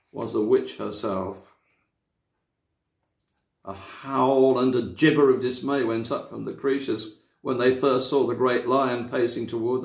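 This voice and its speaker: A man from a church reading a children's story aloud, with measured, dramatic storytelling. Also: medium pitch, creaky, a little mellow. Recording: echoey room.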